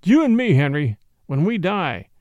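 A man voicing a gloomy, superstitious frontier dog-driver who talks in a slow, grave backwoods drawl. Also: a little high, very animated, darkish tone, no echo, dull audio. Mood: brooding.

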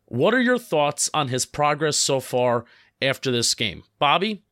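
A young man from New Jersey co-hosting a casual sports podcast, upbeat and excitable. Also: a little high, no echo, studio quality. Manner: upbeat, excitable, hurried asides. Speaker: podcast co-host.

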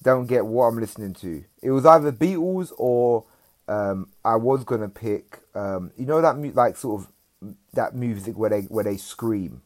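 A man's voice: medium pitch, lively intonation, normal speed, darkish tone. A young man, chatting as a comedian guest on a podcast in a laid-back, slangy, rambling way. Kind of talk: casual podcast chat.

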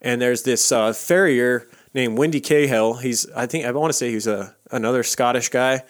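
A male podcast host in the middle of a loose, rambling retelling, dropping swears and filler words as he goes. His voice sits at an ordinary pitch for a man. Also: normal speed. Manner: rambling storytelling with profanity and laughs. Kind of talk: casual history podcast chat.

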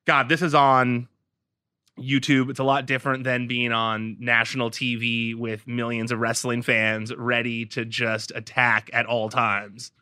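A man's voice: mid-range voice, level tone, a little slow, pushed and bright, clean tone. A man hosting a wrestling interview podcast, chatting casually and laughing along with his guest.

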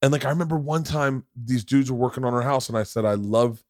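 A middle-aged man hosts a loose interview podcast. He talks in winding, self-correcting bursts and swears casually. His voice sits mid-pitch, close on a dry mic. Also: quick pace, a little mellow, dry recording. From Florida. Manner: rambling, many restarts, swears freely. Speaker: podcast host.

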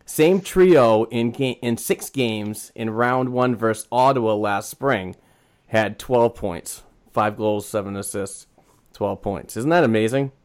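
A man co-hosting a podcast, enthusiastically reading out hockey stats with halting restarts. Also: fairly low pitch, clear, resonant tone. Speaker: podcast co-host. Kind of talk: casual hockey chat.

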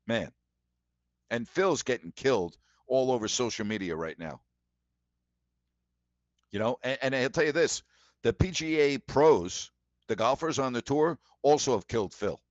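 A man's voice: medium pitch, no room sound, dull audio. A man hosting a sports talk show, giving emphatic, indignant commentary and repeating his points.

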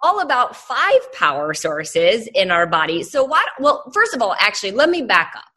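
A woman's voice: mid-range voice, sing-song, normal speed, pushed and bright, no room sound. A woman hosting a podcast, telling a personal story in a chatty way and talking straight to her listeners. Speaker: podcast host. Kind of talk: casual podcast talk.

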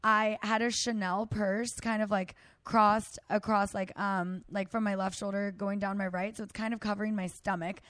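A woman in her thirties hosting a podcast, telling a story in a casual, animated way and acting out what people said. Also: mid-range voice, normal speed, hardly any pauses, dry recording. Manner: animated storytelling, acts out quotes. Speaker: podcast host. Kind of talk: casual chat.

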